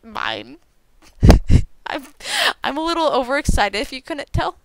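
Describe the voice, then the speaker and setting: A young woman hosting a casual unboxing video, bubbly and excitable, tripping over her words as she gushes. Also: high voice, normal speed, dry recording. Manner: bubbly and excitable, gushing with stumbling repeats. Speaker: unboxing channel host.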